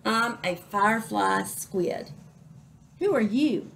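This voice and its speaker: A woman's voice: mid-range voice, expressive, slow, gravelly, fairly bright tone, a little hiss or hum, heavily acted. A woman voicing a helpful, brave male firefly squid who speaks eagerly.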